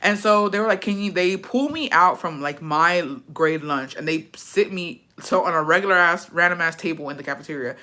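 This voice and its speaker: A woman's voice: on the low side, fairly quick, hardly any pauses, pushed and bright. A young woman casually telling a personal story, swearing often and getting emotional. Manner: profane, emotional, tearful at times. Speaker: vlogger.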